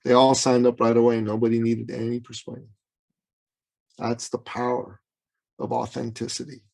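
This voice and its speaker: A male business coach from Iran recounting a client's story on a remote interview. His voice sits at a middle pitch and rises sharply when he acts out other people's lines. He talks with dramatic, storytelling energy. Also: monotone, normal speed, gravelly, a little mellow, poor audio. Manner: dramatic, acts out quotes with big pitch swings. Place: Toronto. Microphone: remote call.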